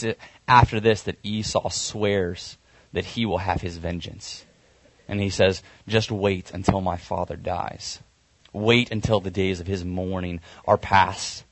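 Male preacher, lowish voice, relaxed storytelling sermon with fillers and corrections, dry recording. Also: dry recording. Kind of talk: sermon retelling a Bible story.

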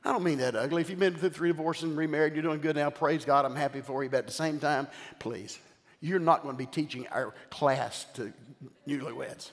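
An older man, a bishop, preaching a sermon with animated storytelling and call-outs to the congregation. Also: fairly high pitch, a little fast. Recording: long hall reverb.

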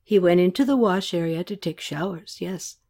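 A woman reading a novel aloud, voicing a soft-spoken male aid worker who talks in a formal, grave way. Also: lowish voice, moderate pace. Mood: somber. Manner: quiet, plain and formal.

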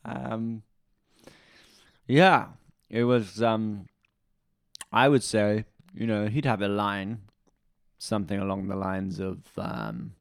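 Guy, deadpan comedy rambling as a fake dialect coach, low gravelly voice, dry close sound. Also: takes it slowly, pauses often, dry recording. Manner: rambling, deadpan, bursts into loud put-on voices. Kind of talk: deadpan comic interview.

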